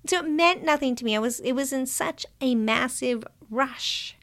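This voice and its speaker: A woman giving a calm, measured motivational talk to entrepreneurs, sometimes dropping to a soft whisper. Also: high voice.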